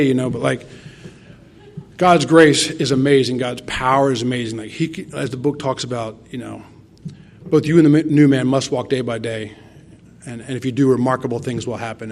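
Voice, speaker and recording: A man's voice: medium pitch, slight background noise. A middle-aged man from Tennessee giving an earnest, rambling personal testimony at a recovery meeting, acting out quoted dialogue as he goes.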